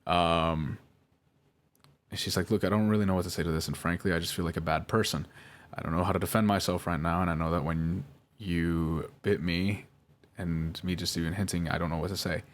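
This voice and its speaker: A man's voice: sits low, fairly even intonation, a little fast. A young man nervously talking through old chat messages, rambling with many fillers and restarts and apologizing over and over. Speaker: video creator reading out chats.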